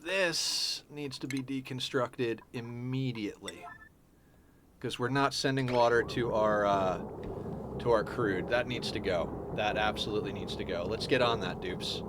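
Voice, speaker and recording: A man's voice: mid-range voice, measured pace. A man streaming a game live, chatting casually and explaining each step of his plan as he goes. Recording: steady background noise.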